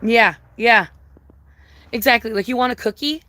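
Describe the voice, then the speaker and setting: A woman's voice: a little high, normal speed, pushed and bright, no room sound. A young woman chatting casually with her viewers on a livestream, profane, emphatic and sassy, repeating her points.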